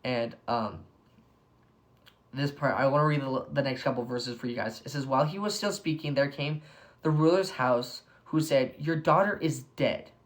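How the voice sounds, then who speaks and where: A young man giving a casual Bible devotional. He is excitable, says "like" constantly, and breaks into bursts of enthusiasm. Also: mid-range voice, normal speed. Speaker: devotional speaker.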